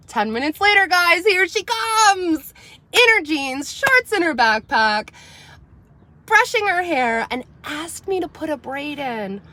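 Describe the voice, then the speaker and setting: A woman tells a family story in a casual livestream. Her voice sits on the higher side and swings widely in pitch. She gets loud and animated whenever she acts out her own scolding. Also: measured pace. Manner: animated, rising loud when quoting herself scolding. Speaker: mom vlogger telling a story.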